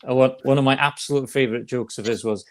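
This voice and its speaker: A man's voice: medium pitch, quick pace. Chatty man telling stories on a call. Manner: animated storyteller, laughs easily. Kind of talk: casual memorial chat.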